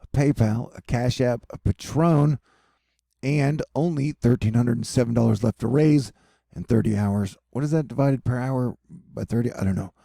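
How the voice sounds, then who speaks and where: A man runs through a weather update in a casual, rambling way, dropping wry self-mocking jokes. His voice is dark and mellow, with a gravelly, husky edge. The sound is dry and close. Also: medium pitch, moderate pace, no echo. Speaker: weather news host. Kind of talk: casual weather commentary over maps.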